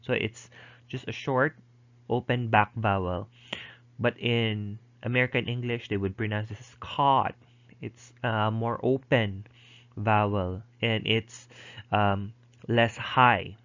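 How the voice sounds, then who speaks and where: A male lecturer explaining pronunciation slowly, with frequent fillers and restarts, modeling sounds aloud. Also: lowish voice, steady tone, fairly bright tone, lo-fi sound. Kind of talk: recorded online lecture.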